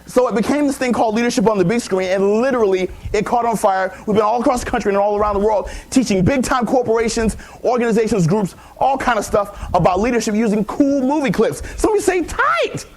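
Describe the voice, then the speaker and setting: A man in his thirties from Tampa, Florida, giving a high-energy keynote to students and pumping up the crowd with call-and-response. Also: fast, few pauses, a little mellow. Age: 30s. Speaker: motivational speaker. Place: large lecture hall with live audience.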